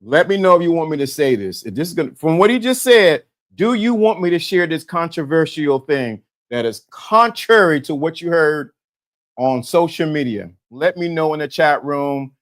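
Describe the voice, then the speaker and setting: A man hosting a live-stream talk show, animated and laughing, repeating himself and talking to the chat. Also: on the high side, moderate pace. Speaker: host.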